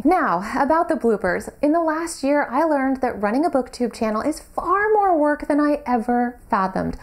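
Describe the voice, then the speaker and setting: A woman's voice: high-pitched, a little mellow. A young adult woman vlogging about books, speaking earnestly and articulately to her viewers. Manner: earnest, articulate, self-critical in bloopers. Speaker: book vlogger. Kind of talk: scripted vlog address then outtakes.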